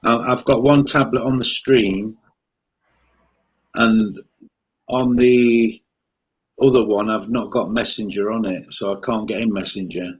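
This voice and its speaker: A man's voice: on the low side, fairly even intonation, unhurried, long pauses, husky, lo-fi sound. A man co-hosting a casual live chat stream, teasing and easygoing in his banter.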